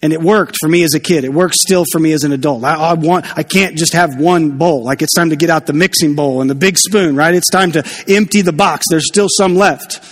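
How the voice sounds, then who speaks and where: A man preaching a sermon in a church, chatty and animated with jokey asides. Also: on the high side, brisk, few pauses, big-room sound. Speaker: pastor.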